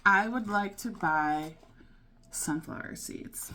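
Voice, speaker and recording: A woman talking slowly and casually to camera, puzzling over new words out loud. She repeats phrases to herself and wanders into side chatter, with small laughs along the way. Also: mid-range voice, slight background noise. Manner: thinks aloud, repeats foreign phrases and muses to herself; chatty, easily sidetracked, with little laughs. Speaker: language-learning vlogger. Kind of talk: casual study vlog.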